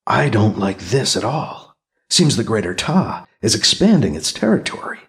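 A man's voice: fairly low pitch, big pitch swings, normal speed, creaky, fairly bright tone, breathy edge, exaggerated voice. An actor playing a wry human male space mediator in a radio drama, with dry, sardonic asides.

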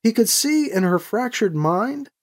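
A reader narrating a novel with expressive storytelling. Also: a little slow. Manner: expressive storytelling with wide pitch swings. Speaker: audiobook narrator. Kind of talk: scripted narration.

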